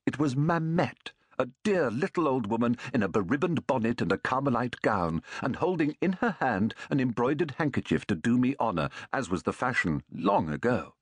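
Brief: male storybook narrator, husky tone, lively melodic reading, dry close sound. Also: medium pitch, no room sound. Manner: measured, expressive reading. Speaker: audiobook narrator.

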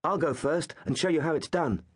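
A man voicing a bold, quick-witted teenage Roman boy in an audiobook reading, in a raised, urgent voice. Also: on the high side, pitched above the performer's own voice, natural voice. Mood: cheerful.

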